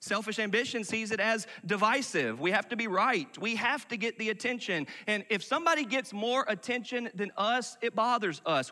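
Bright-voiced male preacher in a hall. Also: sits high, expressive, normal speed, hardly any pauses. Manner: emphatic, swings from loud to hushed. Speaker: pastor. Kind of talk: sermon.

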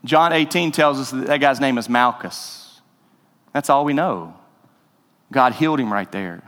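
A man's voice: medium pitch, a little slow, fairly bright tone. A man preaching a sermon as pastor, earnest and conversational, rising to emphasis. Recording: reverberant hall.

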